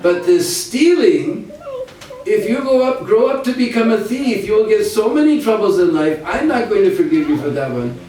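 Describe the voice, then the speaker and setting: A man's voice: high-pitched, sing-song, moderate pace, mellow, pitched above the performer's own voice. A man voicing a stern but loving mother scolding her son, recorded from far off in an echoey hall.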